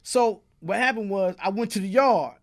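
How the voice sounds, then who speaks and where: A man's voice: high voice, moderate pace. A man from Brooklyn with a New York accent, telling a long, profane, streetwise story as an interview guest. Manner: streetwise, profane, tag questions like "you heard?". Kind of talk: casual storytelling.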